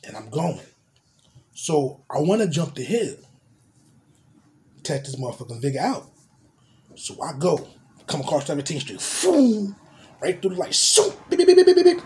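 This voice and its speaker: A man's voice: fairly high pitch, darkish tone, slight background noise. A young man with a New Jersey accent telling a street story, full of slang and acting out engines, screeching tires and horns with his voice. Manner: vivid street slang, mimics cars and horns. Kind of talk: animated storytime with sound effects.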